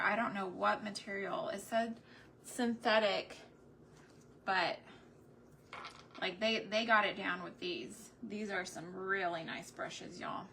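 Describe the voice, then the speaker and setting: A woman's voice: mid-range voice, sharp tone, a little hiss or hum. A woman from New Mexico with a light Texan accent, chatting casually and folksily as she paints on her homesteading channel. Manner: chatty, folksy, slow and drawn out. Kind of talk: casual chat while painting.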